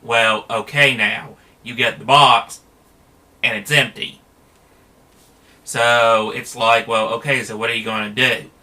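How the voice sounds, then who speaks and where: A man works through his point in an unhurried, meandering monologue. His voice is strikingly bright and edged, and his phrasing is plain and casual, full of "uh" and false starts. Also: mid-range voice, steady tone. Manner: rambling, plain-spoken, many fillers and restarts.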